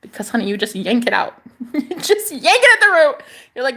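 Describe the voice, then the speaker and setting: A woman's high, very animated voice comes across bright and forceful as she talks fairly quickly to camera in a casual spiritual monologue. Her vlog is sassy and profane, with viewers called honey and phrases repeated for emphasis.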